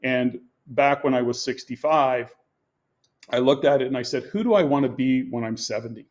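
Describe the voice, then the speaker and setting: A man's voice: medium pitch, normal speed, a little mellow. A man in his sixties, a guest on a podcast, telling stories earnestly and with emphasis as he explains his coaching. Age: 60s. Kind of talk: conversational interview.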